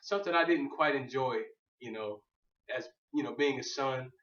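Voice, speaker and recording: A man's voice: mid-range voice, normal speed, a bit bright. A man giving a casual faith talk to a group. He jokes, goes off on tangents and keeps asking "you know what I'm saying". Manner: loose, joking, goes on tangents. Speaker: speaker on faith. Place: room with an audience. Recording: echoey room, distant, dull.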